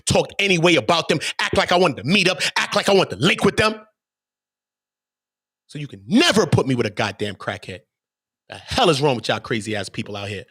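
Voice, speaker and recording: A man hosts his own channel and delivers a blunt, profane rant straight at his viewers. His voice sits high and swings widely in pitch. The sound is dry and close, with no room echo. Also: a bit bright, husky. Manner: blunt, openly profane, emphatic. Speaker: channel host. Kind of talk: ranting monologue to viewers.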